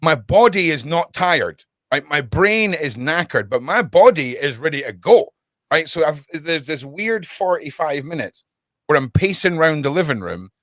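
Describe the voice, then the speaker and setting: A man's voice: a little high, very animated, moderate pace, a bit bright, no echo, clean studio sound. A man hosting a casual livestream podcast from his home desk, rambling and chatting with viewers by name.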